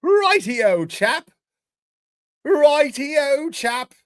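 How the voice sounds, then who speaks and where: A woman's voice: high voice, big pitch swings, very slow, no echo, studio quality, pitched above the performer's own voice, exaggerated voice. A woman putting on a chirpy mock-English chap. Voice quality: sing-song, exaggerated.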